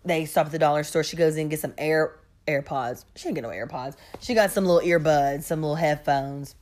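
A young woman telling a story in a casual, gossipy way and reacting with expressive disbelief. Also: deep voice, brisk.

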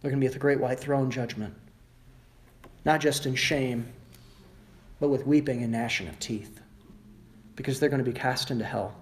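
A male pastor preaching a sermon emphatically, rising sharply in pitch and volume at his high points and mimicking other people sarcastically. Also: fairly even intonation, moderate pace, long pauses. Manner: emphatic preaching with wide swings in pitch and loudness; mocking voices of the world in sarcastic asides.

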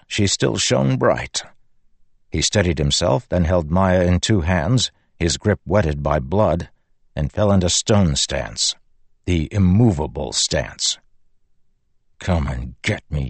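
Deep-voiced male storyteller, dry close sound. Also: expressive, gravelly, dry recording. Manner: measured, dramatic storytelling. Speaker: narrator. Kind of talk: audiobook narration of fantasy fiction.

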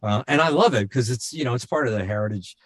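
A male voice actor in casual podcast chat, rambling with fillers and slipping into quick voice demos. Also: mid-range voice, lively intonation, no echo. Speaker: voice actor and impressionist.

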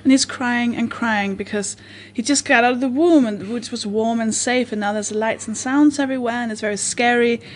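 A woman hosting a podcast interview, gently leading her guest through a hypothetical scene. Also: on the high side, moderate pace. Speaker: podcast host. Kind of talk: casual interview.

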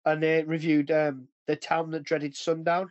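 Rambling, chatty man with a fairly high voice. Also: little pitch movement, a little slow, a little mellow, no echo, dull audio. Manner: rambling, chatty, often breaks into acted quotes. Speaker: podcast host. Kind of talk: casual chat.

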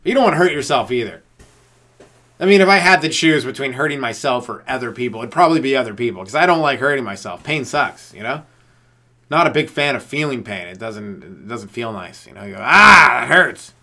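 Brief: male stand-up comic, mid-pitch, improvising a loose, swearing solo rant full of tangents. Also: animated, fairly bright tone. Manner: rambling, profane, tangent-chasing; slips into quick voices of others. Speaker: stand-up comedian and podcast host.

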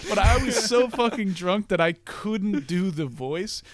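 A young man, telling profane, animated stories in a casual chat. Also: high-pitched, a little slow, a crowd in the background. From Canada. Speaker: podcast co-host.

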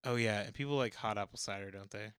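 Bright-voiced joking man. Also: lowish voice, fast, smooth, no room sound. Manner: goofy, jokey, bursts into loud silly singing. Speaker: podcast co-host. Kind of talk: casual banter.

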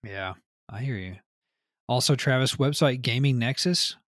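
A man's voice: medium pitch, moderate pace, a bit bright, no echo, clean studio sound. A man co-hosting a casual gaming podcast, reading news items and riffing with loose, profane chatter. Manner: reads news items then riffs loosely, swears often.

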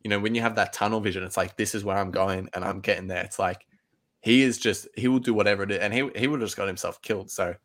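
A man's voice: on the low side, steady tone, quick pace, a bit bright. A man co-hosting a podcast, chatting casually and enthusiastically, often agreeing and laughing. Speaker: podcast co-host. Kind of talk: casual fan chat.

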